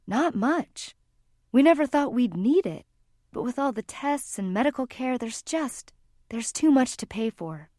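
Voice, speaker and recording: A woman's voice: high-pitched, expressive, a little slow, a little mellow, no echo, studio quality, voice pushed up. A woman narrator voicing a worried, tired middle-aged mother who talks in a strained, pleading way near tears.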